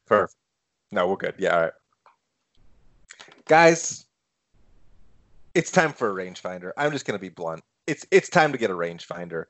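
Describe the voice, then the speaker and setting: A man co-hosting a casual movie chat, halting and restarting as he thinks aloud about the film. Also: low voice, big pitch swings, a bit bright. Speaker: podcast co-host.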